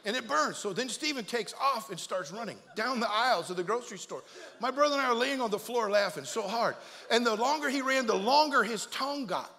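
A male pastor preaching a comic, story-filled sermon to his church, energetic and jokey, repeating himself and acting out voices. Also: very high-pitched, fairly quick, few pauses, long reverb tail. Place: church sanctuary.

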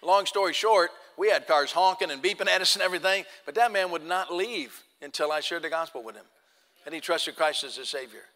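A pastor preaches with a voice that's a little high, fairly quick and sharp, heard with long hall reverb. He tells a folksy story in his sermon, acting out both sides of the conversation.

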